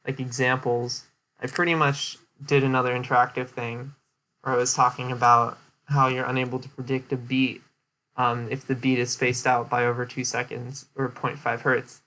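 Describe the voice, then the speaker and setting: A man's voice: mid-range voice, flat delivery, moderate pace, pushed and bright. A young man casually explaining a presentation he gave, rambling with lots of fillers and restarts. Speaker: streamer giving a presentation recap. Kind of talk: casual chat.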